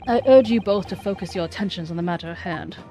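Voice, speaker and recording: A woman's voice: on the low side, fast talker, mellow, faint music behind, natural voice. Curt, formal male official, read by a woman streamer.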